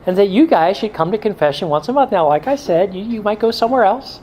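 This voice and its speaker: A man's voice: sits high, expressive, fast talker, darkish tone, slight background noise, rough recording. A middle-aged male pastor giving a blunt, joking talk to a men's group, now and then mimicking excuses in a whiny voice.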